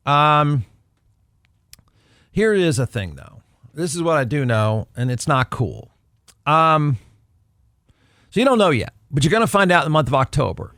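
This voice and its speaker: A man's voice: on the high side, a bit bright, dry recording, clean studio sound. Snarky man doing sports talk. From Texas. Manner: snarky, conversational, repeats himself for emphasis. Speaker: podcast host. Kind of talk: solo sports commentary.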